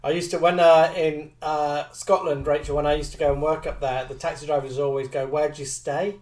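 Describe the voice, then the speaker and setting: Animated guy reading viewer comments, bit off mic. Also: on the high side, distant mic. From Liverpool. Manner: chatty, animated, quick to laugh. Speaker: co-host of a live chat show.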